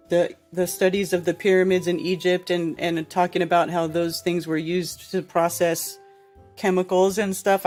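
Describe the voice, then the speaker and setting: A woman's voice: lowish voice, a little mellow. A woman hosting a casual live-stream talk show, speaking in a blunt, profane, exasperated manner. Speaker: podcast host.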